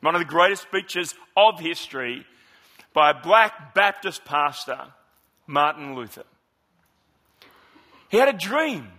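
A man preaching a sermon in a chatty, conversational way, often turning to the congregation with rhetorical questions. His voice sits high for a man and has a bright, forward edge. He moves between lively asides and quieter, reflective stretches. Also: slow pace, long pauses. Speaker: pastor.

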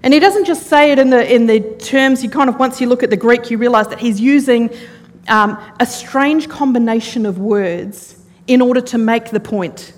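Woman pastor, lively storytelling sermon, slightly high voice, long hall reverb. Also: moderate pace. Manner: animated storytelling, acting out quoted voices.

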